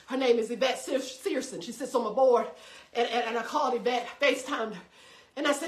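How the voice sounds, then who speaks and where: A woman pastor delivers live-streamed motivational preaching in a fairly high voice. She speaks straight to her online viewers, greeting them by name, and keeps tripping into repeated words before pushing on with fervor. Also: expressive, fast talker, a bit bright. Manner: fervent, direct address to viewers, stammered restarts. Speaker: pastor and online show host.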